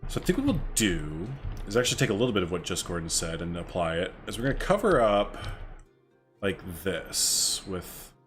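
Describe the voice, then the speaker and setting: A man's voice: low voice, big pitch swings, normal speed. A man streaming a building game, chatting casually and upbeat, answering chat and exclaiming as he builds. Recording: faint music behind.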